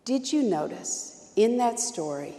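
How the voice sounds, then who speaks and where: A woman's voice: on the high side, big pitch swings, measured pace, dark tone, roomy sound, long reverb tail. A woman pastor preaching a sermon, telling stories with strong emphasis and repetition.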